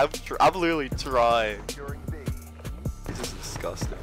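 A young man giving excitable gameplay commentary, swinging between mumbling and yelling. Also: medium pitch, unhurried, pauses often. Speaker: gaming video creator. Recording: trap beat playing underneath. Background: background hip-hop music.

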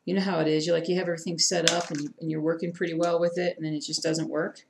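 A woman's voice: sits low, little pitch movement, fast, vocal fry, noisy background. Chatty woman stitching on a live stream. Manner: chatty, self-deprecating, talks to chat, mutters to herself. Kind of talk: casual live-stream chat while stitching.

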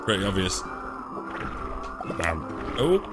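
A man's voice: on the low side, sing-song, slow pace, over music. A man hosting a let's play, giving chatty, self-mocking gameplay commentary and laughing often.

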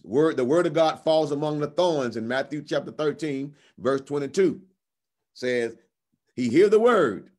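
A man teaching a Bible lesson online as a pastor, relaxed and chatty, slowing down to stress key words in declarations. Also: fairly high pitch. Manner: slow emphatic declarations, rising on key words; relaxed, conversational with fillers.

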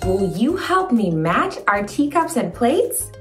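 A young woman hosting a toddler learning video, who speaks slowly and gives lots of encouraging praise. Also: a little high, very animated, recorded from a distance. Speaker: children's video host. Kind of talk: slow, sing-song teaching for toddlers. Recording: echoey room, soft music behind.

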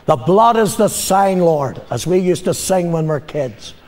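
An older man preaches in a church hall with a long, ringing reverb. His voice sits a little high for a man. He tells a story from the pulpit, swinging from loud proclamations to quiet, confiding lines. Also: lively intonation, a little slow, few pauses. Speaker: pastor. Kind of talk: sermon.

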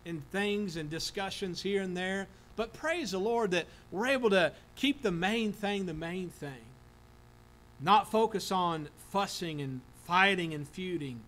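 A man's voice: high-pitched, a little slow, a bit bright, low-quality recording. A man preaching a sermon as pastor, earnest, with frequent restarts and filler words. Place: church sanctuary.

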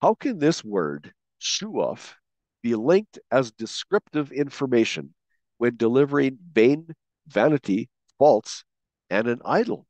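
Male teacher for a scripture lesson voice-over: unhurried, emphatic, dry close mic. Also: medium pitch, big pitch swings, darkish tone, no room sound. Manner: slow, questioning, emphatic on key words. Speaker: Bible study teacher.

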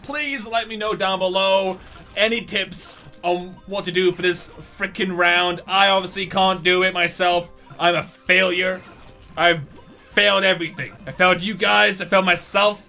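A young man giving commentary on a mobile game, swinging from low muttering to frustrated yelling. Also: a little slow, soft background music. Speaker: gaming YouTuber.

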